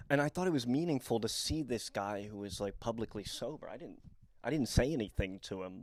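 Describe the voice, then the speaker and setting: A man's voice: lowish voice, darkish tone, no echo. A young adult man from the northeastern United States, a comedian telling candid personal stories in a rambling, self-deprecating way with many fillers. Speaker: comedian and storyteller. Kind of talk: candid storytelling monologue.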